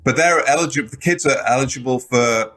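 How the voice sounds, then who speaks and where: A middle-aged British man, an author and journalist, talking in a relaxed, rambling way with many fillers during a podcast interview. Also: medium pitch, brisk. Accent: British English. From Britain.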